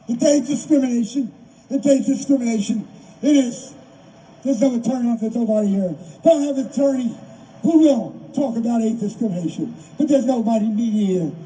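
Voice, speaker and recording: A man's voice: very high-pitched, warm tone. An older man giving an emotional, repetitive rally speech outdoors, heard from a distance. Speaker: rally speaker. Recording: distant mic, faint background noise.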